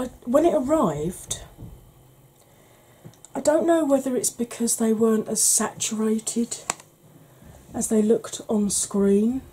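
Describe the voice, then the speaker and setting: A woman hosting a beauty channel, chatting casually and rambling softly while she declutters her makeup, with self-deprecating asides. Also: fairly high pitch, slight background noise, rough recording. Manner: soft, quiet delivery.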